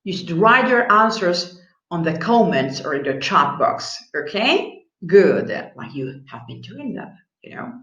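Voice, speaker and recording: A woman teaching English grammar at a slow, patient pace. Her low voice rises and falls a lot as she encourages her students and repeats example sentences. The recording is dull and lo-fi in an echoey room. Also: sing-song, fairly bright tone. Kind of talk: grammar lesson with exercises.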